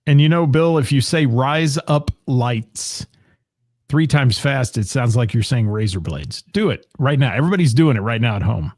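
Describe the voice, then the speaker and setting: A man hosts a relaxed, jokey chat show on local radio, teasing his co-host and reading comments aloud. His voice is mellow and a little husky, recorded dry and close. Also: mid-range voice, a little fast, few pauses, dry recording. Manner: joking, teasing, laughs often. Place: live streamed radio show studio.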